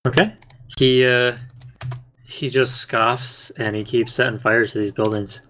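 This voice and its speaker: Relaxed male dungeon master. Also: mid-range voice, measured pace. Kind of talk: running a tabletop game. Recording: faint background noise.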